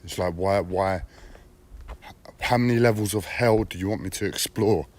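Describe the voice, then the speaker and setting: A man's voice: sits low, normal speed. Blunt, profane man on a live stream. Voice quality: whiny. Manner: blunt and profane, with repeated phrases. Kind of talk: personal monologue on a live stream.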